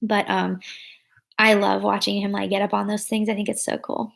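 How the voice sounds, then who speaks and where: Speaking with a flat, gravelly, medium-pitched voice at a moderate pace, a young woman in her twenties hosts a livestream. She chats casually with plenty of fillers and reads viewers' comments aloud.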